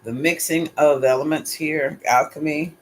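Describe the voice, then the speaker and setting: A man's voice: on the high side, fairly even intonation, moderate pace, a little hiss or hum. A man giving a casual solo tarot reading, musing aloud and putting questions to his pendulum. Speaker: tarot reader.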